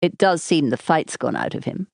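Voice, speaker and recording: A woman's voice: deep voice, lively intonation, normal speed, creaky, darkish tone, dry recording, heavily acted. A woman voicing a charming, teasing husband in his thirties for an audiobook, speaking in a light, playful and affectionate way. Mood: dry.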